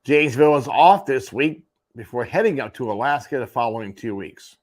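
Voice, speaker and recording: On a morning sports radio show, a male host runs down the junior hockey standings, tossing in wry, offhand asides. His voice is mid-range and fairly quick, with lively intonation.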